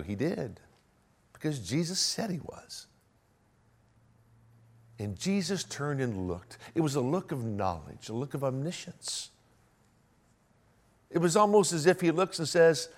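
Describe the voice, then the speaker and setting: A man preaching a sermon in an animated way, swinging between hushed and loud delivery and often repeating words as he goes. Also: a little high, moderate pace.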